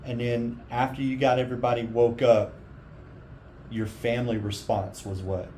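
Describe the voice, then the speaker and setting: A man's voice: medium pitch, level tone, moderate pace, mellow, a little hiss or hum. A man interviewing a guest, prompting him with brief questions.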